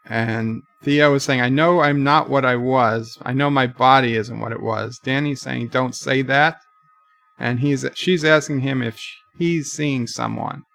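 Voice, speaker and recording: A man recapping a TV episode live, retelling the dialogue slowly with occasional comments of his own. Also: medium pitch, steady tone, gravelly, a bit bright, no room sound, soft background music. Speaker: video reviewer. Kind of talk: live watch-along recap.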